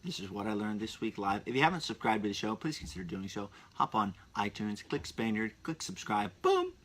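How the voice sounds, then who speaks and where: A man's voice: on the low side, fairly quick, a bit bright. A man hosting his own podcast, rambling in a casual solo chat full of asides and restarts. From Pennsylvania. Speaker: podcast host.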